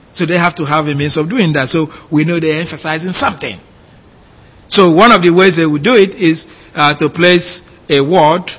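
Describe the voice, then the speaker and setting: A man's voice: fairly high pitch, sharp tone, husky. A man teaching a methodical lecture on scripture, explaining points carefully and repeating key phrases. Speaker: Bible teacher.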